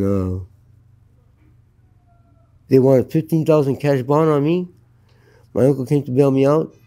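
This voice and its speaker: A middle-aged American man tells his story in an interview, blunt and full of profanity. His voice is very dark and mellow. He sits at an ordinary middle pitch and speaks flatly, as if stating plain facts. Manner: blunt, profane, matter-of-fact. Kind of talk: candid storytelling. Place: Los Angeles.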